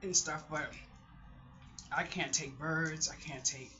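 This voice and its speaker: Bright-voiced middle-aged woman rambling candidly. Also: low voice, steady tone, takes it slowly, faint music behind. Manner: candid, rambling, self-interrupting. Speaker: vlogger. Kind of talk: casual vlog monologue. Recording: dull lo-fi sound.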